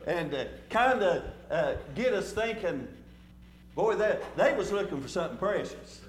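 A man's voice: sits high, echoey room. A man preaching a sermon in a folksy way, often repeating words and stumbling over fillers as he goes. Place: church sanctuary.

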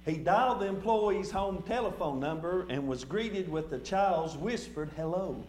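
A man with a notably high voice preaches a folksy sermon, doubling back on his words and leaning on fillers. His voice rings in a roomy church, with a faint hum under it. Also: lively intonation, normal speed, darkish tone. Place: church sanctuary.

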